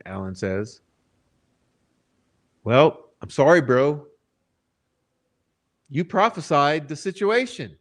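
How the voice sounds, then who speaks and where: A man's voice: a little high, big pitch swings, takes it slowly, pauses often. A man hosting a true-crime channel, delivering blunt, profane, exasperated commentary straight to his viewers. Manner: addresses the chat directly. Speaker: channel host.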